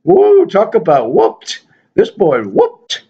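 A man's voice: high voice, huge pitch swings, takes it slowly, gravelly, dull audio, pitched above the performer's own voice, full character voice. A man voicing a boastful little male toy creature introducing himself.

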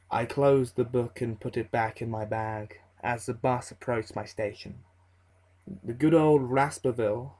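A man reading a horror story aloud as its narrator, in a slow, measured and ominous delivery. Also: medium pitch, warm tone, poor audio.

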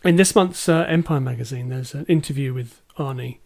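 A man's voice: mid-range voice, a little fast, gravelly, a little mellow. A man co-hosting a casual film podcast, hesitant with many ums but enthusiastic. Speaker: podcast co-host.

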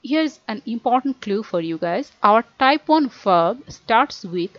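A young woman, teaching a grammar lesson online with careful explanations and frequent pauses to say uh. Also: fairly high pitch, lively intonation, no room sound. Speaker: language teacher. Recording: dry, dull lo-fi recording.

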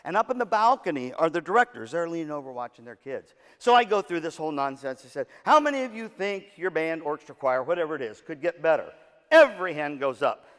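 A man's voice: fairly high pitch, quick pace. A man giving a motivational talk to music directors, telling a story and acting out the voices in it, with jokes to the audience. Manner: animated storyteller, acts out quotes, jokes with audience. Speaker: keynote speaker at music educators' session. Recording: long hall reverb.

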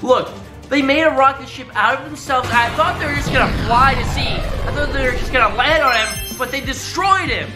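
A young man hosting a reaction video, excitable and exclaiming often, constantly addressing his viewers. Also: very high-pitched, fairly quick. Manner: excitable, exclaims often, keeps saying "guys". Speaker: reaction channel host. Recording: background music under voice.

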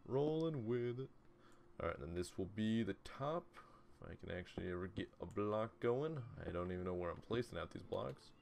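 A man hosting a relaxed game video, talking to himself in a casual, rambling way with little hums and asides as he builds, a bit off his desk mic at home. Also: sits low, brisk, vocal fry, slight background noise. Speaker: gaming video host. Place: home room beside a TV. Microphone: desk mic, turned away from it.

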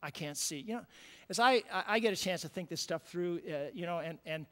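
High bright-voiced preaching man. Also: brisk, in a large hall. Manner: conversational, repeats words, frequent "right?"; swings between quiet and loud emphatic passages. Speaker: pastor. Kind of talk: sermon. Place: church sanctuary.

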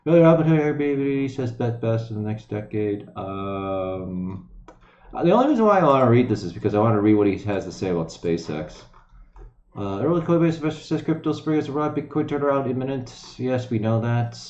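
A man live-streams from home on a desk microphone, reading news aloud and ranting at it with lots of swearing and mumbled asides. His medium-pitched voice is animated, brisk and darkish. The room is echoey and the sound slightly dull and lo-fi.

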